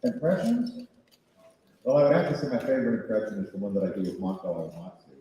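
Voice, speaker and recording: A man's voice: fairly low pitch, fast talker, muffled recording, slight background noise. Older man telling stories in an echoey hall. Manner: animated, self-mocking, chuckling anecdotes. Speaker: voice actor guest on a panel. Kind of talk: convention panel Q&A storytelling. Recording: echoey hall picked up from far off.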